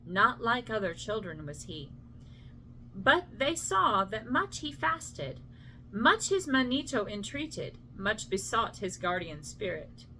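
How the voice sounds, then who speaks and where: With a very animated, slow delivery, a middle-aged woman reads a bedtime-story poem in a mid-range voice that sounds pushed and bright. When the hard names trip her up, she breaks off to apologize with self-mocking asides, and a little hiss or hum sits under the recording.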